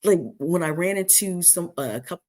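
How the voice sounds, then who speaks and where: A man hosting a casual live-stream chat, rambling with many fillers and restarts, and jumping high when he mimics people. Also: fairly quick, a little mellow. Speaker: host.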